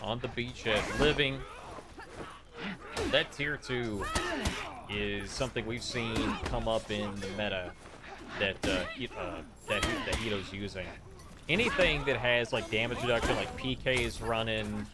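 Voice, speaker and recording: A man casting a live esports match with animated, rambling play-by-play commentary. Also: fairly low pitch, unhurried. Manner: rambling, animated, many fillers and restarts. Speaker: esports caster. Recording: loud background noise.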